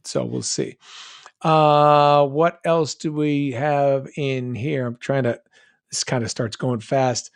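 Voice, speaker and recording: Reading fan chat aloud during a live stream Q&A, this American man is a guest voice actor with a General American accent. He sounds medium in pitch with fairly even intonation and some vocal fry, joking around with quick asides and restarts.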